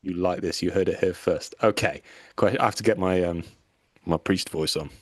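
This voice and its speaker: Cheeky low-voiced man. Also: fairly even intonation, normal speed, husky, dry recording, studio quality. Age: 30s. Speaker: podcast co-host. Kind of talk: casual banter.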